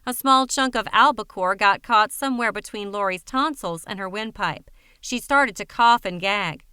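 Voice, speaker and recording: A woman narrating an audiobook in an even, wry storytelling manner on a close studio mic. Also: mid-range voice, normal speed, clean tone, no echo.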